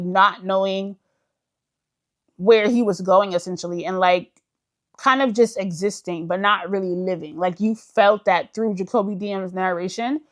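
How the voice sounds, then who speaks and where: A woman book vlogger in casual chat, enthusiastic and full of fillers, calling her viewers "y'all". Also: mid-range voice. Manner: chatty, enthusiastic, uses many fillers like "like".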